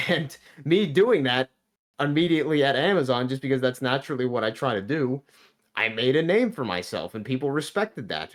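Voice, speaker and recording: Laid-back, foul-mouthed man rambling through a story. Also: medium pitch. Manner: laid-back, heavy swearing, rambling with many restarts. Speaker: podcast guest. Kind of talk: casual storytelling chat.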